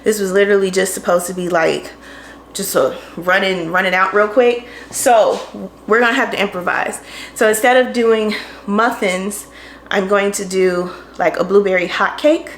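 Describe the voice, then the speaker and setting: A woman's voice: mid-range voice, fairly even intonation, moderate pace, slight background noise. A young woman talking casually to her vlog camera at home in her kitchen, tired and out of breath, laughing often as she chats. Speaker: vlogger. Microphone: camera on tripod. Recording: roomy kitchen echo.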